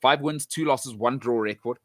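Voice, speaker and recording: With a medium pitch, normal speed, and a fairly bright tone, this football pundit gives emphatic, blunt opinions straight to the fans, repeating himself for emphasis. The recording is dry.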